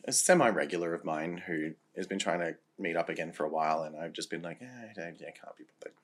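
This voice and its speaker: Give me a young man with a slightly low voice, chatting campily on a podcast. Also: fast. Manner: camp, playful, lively, laughs often. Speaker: podcast co-host. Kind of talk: casual chat.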